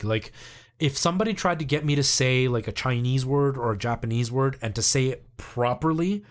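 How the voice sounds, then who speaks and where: Chatty male game streamer from El Salvador, mid-pitched, talks to chat. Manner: chatty, explains at length. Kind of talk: casual live-stream chat with viewers.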